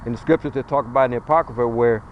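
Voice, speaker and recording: A man's voice: mid-range voice, very fast, highs cut off, a little hiss or hum. A man preaching a fiery street sermon outdoors, blunt, colloquial and emphatic as he warns his listeners.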